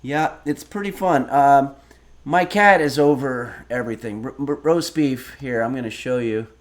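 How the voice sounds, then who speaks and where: A man in his fifties hosting a casual cooking livestream, reading viewer messages aloud and answering with deadpan, rambling stories. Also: mid-range voice, unhurried. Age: 50s. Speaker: streaming cooking show host.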